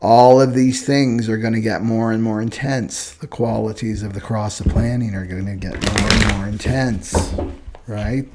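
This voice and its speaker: A man's voice: lowish voice, fairly even intonation, normal speed, very noisy. A man giving a casual, rambling spoken lesson on personality types, earnest and often checking in with "right?". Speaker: astrology and human design teacher. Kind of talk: casual spoken teaching monologue.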